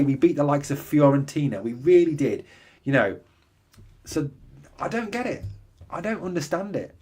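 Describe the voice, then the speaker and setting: A man's voice: medium pitch, a little mellow. A man hosting a live fan podcast, talking emphatically, repeating his points and asking listeners rhetorical questions. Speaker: podcast host. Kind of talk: live fan podcast chat, reading comments.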